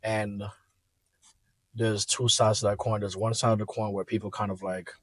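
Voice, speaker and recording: A man's voice: fairly low pitch, flat delivery, normal speed, a bit bright, no room sound. A young man, a podcast guest, talking candidly and reflectively about marriage in casual conversation, with frequent fillers.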